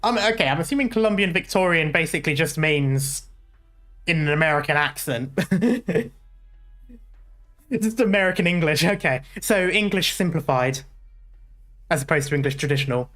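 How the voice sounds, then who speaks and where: A woman with a low voice reads game dialogue aloud and chats casually between the lines. She sounds relaxed and talkative. Soft music runs quietly in the background. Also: moderate pace, pauses often. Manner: chatty, reads lines aloud then comments with asides. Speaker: game streamer. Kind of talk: casual commentary and reading game text aloud.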